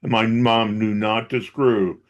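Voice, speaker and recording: Unhurried and fairly flat in pitch, a lowish male voice recounts family memories with earnest reflection. The speaker is a middle-aged interview guest who supports dementia caregivers, and the recording has its highs cut off.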